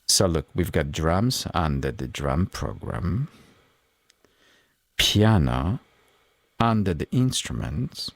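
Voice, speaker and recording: A man hosting a music production tutorial, explaining each step in a measured, methodical way. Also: low voice, very animated, gravelly, dry recording, studio quality. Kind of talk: tutorial walkthrough.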